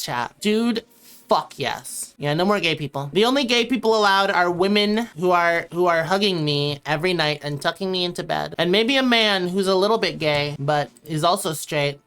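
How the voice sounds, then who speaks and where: A woman's voice: low voice, fairly bright tone. A woman giving casual commentary over a strategy game, joking and rambling and swearing freely as she plays. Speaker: gaming video creator.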